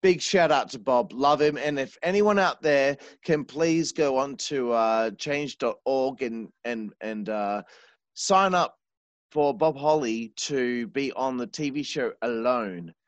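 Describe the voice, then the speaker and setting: A man hosting a casual interview podcast, speaking at a middle pitch. He rambles and swears offhandedly, and his voice often sinks quietly at the ends of thoughts. The sound is dry and close. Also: takes it slowly, no room sound, highs cut off. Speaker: podcast host.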